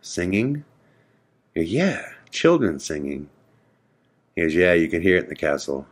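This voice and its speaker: A podcast host with a low, husky voice tells a spooky story at normal speed. His speech is casual and full of fillers, and he animatedly acts out the quoted dialogue.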